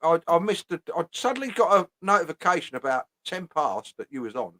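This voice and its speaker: Casting: blunt man, mid-pitched, dry close sound, casual ranting host. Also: sing-song, a little fast, sharp tone, no echo. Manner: blunt, swears often, repeats "you know what I mean".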